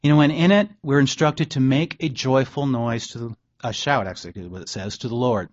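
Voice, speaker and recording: A pastor with a medium-pitched voice preaches conversationally at a slightly fast pace. He reads research and quotes aloud, adding wry asides along the way. The recording is dull and lo-fi.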